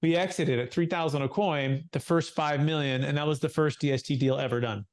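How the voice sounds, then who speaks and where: A man's voice: on the high side, fairly quick. A young adult man telling a client story in a podcast interview, acting out quotes with lots of fillers. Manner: animated storyteller, acts out quotes, many fillers. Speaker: guest, capital gains tax advisor.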